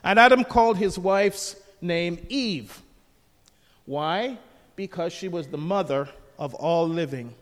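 A man's voice: high-pitched, animated, slow, in a large hall. An older man preaching a sermon as pastor, jovial and conversational, asking the congregation questions.

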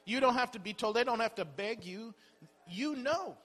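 A man delivers a sermon in a high, bright voice. He preaches conversationally, asking rhetorical questions and repeating words as he builds his points. The voice rings out with a long reverb, as if in a large hall. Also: lively intonation, normal speed.

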